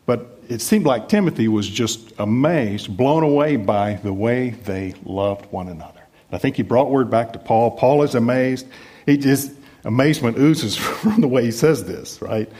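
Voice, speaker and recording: Middle-aged american guy preaching, husky voice, chatty and self-deprecating. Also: mid-range voice, moderate pace. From United States. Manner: conversational, self-deprecating, lively emphasis. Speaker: pastor. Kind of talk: sermon.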